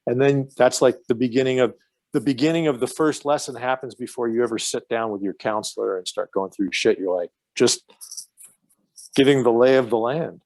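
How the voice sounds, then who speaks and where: A man's voice: mid-range voice, normal speed, a little mellow, no echo. Man rambling thru wild stories on a podcast, swears a lot, restarts, dry close sound. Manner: profane, rambling, with many restarts. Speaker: podcast guest. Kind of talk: casual storytelling chat.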